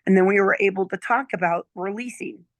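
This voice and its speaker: A former nurse in her sixties gives a client testimonial as a chatty story, frequently checking in with "okay?" and "right?" Her medium-pitched voice runs a little fast, with no echo.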